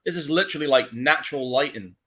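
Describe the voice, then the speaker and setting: A man co-hosting a live movie commentary podcast, agreeable, casual and expressive. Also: fairly high pitch, quick pace. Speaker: podcast co-host.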